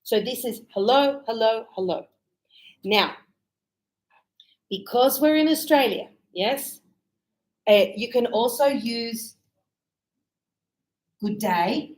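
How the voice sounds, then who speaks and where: A woman teaching an English class, speaking slowly and clearly and acting out greetings as examples. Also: on the high side, rough recording. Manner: slow, clear, explaining with acted greetings. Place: Australia.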